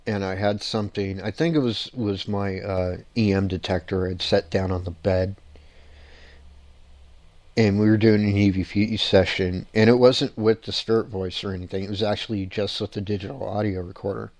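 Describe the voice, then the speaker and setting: A low-pitched man hosts his own paranormal show and recounts ghost hunts in an animated, rambling way. He laughs often and restarts his sentences. The recording is dry and close. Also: normal speed, dry recording. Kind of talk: casual storytelling on a show.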